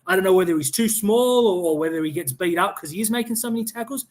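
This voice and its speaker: An Australian man hosts a fan podcast in a casual live-stream sports chat, blunt and opinionated, swearing freely. His voice sits high and he's expressive and fast, often restarting sentences and stammering repeats.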